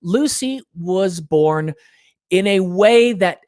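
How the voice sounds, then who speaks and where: Middle-aged man, earnest interview guest, very lively pitch, dry close sound. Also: slow, dry recording. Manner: earnest, animated, drops low to make a point. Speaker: interview guest, parenting author. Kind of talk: animated storytelling in an interview.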